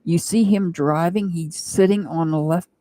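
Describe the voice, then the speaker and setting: A woman's voice: lowish voice, normal speed, warm tone. A woman doing a live-stream tarot reading, chatting and rambling with her viewers and laughing often. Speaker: tarot reader.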